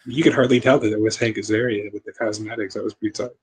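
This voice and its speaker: Male podcast host, husky voice, dry mocking humor, loose casual delivery. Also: on the low side, fairly even intonation, quick pace, poor audio. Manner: wry, profane, mocking asides. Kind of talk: casual movie review chat.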